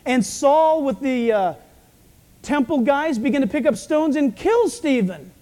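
Male pastor, croaky frog-like voice, warm low tone, preaches with casual anecdotes. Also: lively intonation, unhurried. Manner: storytelling preacher with self-deprecating asides. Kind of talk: sermon.

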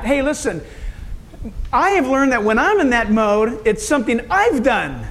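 Male pastor, high voice, chatty folksy sermon delivery. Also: very animated, normal speed, a bit bright. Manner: folksy, conversational preaching with asides to the congregation.

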